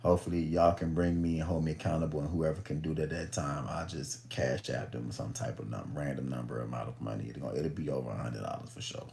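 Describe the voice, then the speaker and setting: Young man, laid-back profane live-stream chat, very deep, dark tone, echoey room. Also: steady tone, fast, gravelly, hardly any pauses. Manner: laid-back, profane, self-hyping slang. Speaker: live streamer reading a book aloud. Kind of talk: casual live-stream chat and book reading. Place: at home, in bed. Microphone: phone on a live stream.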